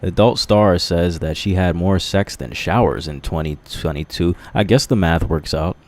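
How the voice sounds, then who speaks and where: Deep male streamer, crude rambling commentary, swears freely and laughs at his own jokes. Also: moderate pace. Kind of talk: casual livestream commentary. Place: dark room lit by candles.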